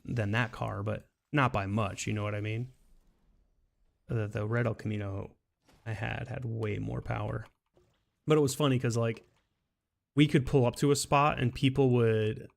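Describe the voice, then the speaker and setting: Gravelly-voiced man rambling through stories. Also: fairly low pitch. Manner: rambling, restarts a lot, laughs at his own stories. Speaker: game streamer. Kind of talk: casual storytelling while gaming.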